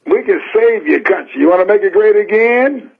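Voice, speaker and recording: Gravelly older preacher over a tinny line. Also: male voice, sits high, animated, normal speed. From San Francisco. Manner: folksy, emphatic preaching with plain-spoken repetition. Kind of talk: sermon. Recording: tinny phone-like radio broadcast.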